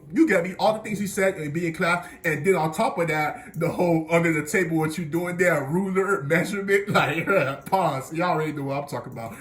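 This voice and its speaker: A young man telling a school story as a vlogger, animated and slangy, often breaking into laughter. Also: fairly high pitch. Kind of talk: casual storytelling. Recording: echoey room.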